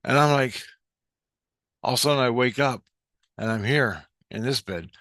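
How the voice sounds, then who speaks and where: A man's voice: medium pitch, moderate pace, fairly bright tone, dry recording. A man telling a rambling personal spiritual story in a casual, profane way, often restarting his sentences. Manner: profane, meandering, with frequent restarts. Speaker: spiritual vlogger.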